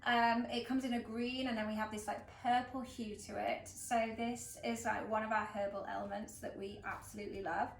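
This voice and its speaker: Speaking a little fast with few pauses, this florist host from England has a slightly high, gravelly voice and a flat delivery. She leads a casual flower-arranging demonstration, chatty and upbeat, with plenty of filler words. Faint music plays behind her, and the distant mic picks up a roomy echo.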